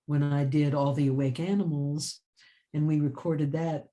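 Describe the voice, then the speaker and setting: Energetic rambling woman storyteller. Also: sits low, normal speed. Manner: laughs often and restarts phrases. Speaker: author and writing teacher. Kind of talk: casual interview chat.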